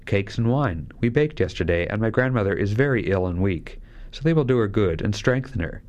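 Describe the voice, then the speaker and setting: Polite, earnest fairy-tale girl, read by a low-voiced male narrator. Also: lively intonation, fairly quick, darkish tone, muffled recording, lightly acted. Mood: innocent. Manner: earnest, trusting. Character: innocent, polite young girl.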